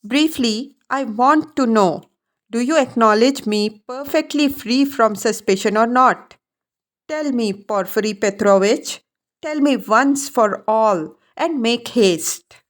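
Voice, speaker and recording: A woman's voice: fairly high pitch, takes it slowly. A woman reading the part of a proud, furious young male ex-student who speaks haughtily and insistently. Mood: indignant.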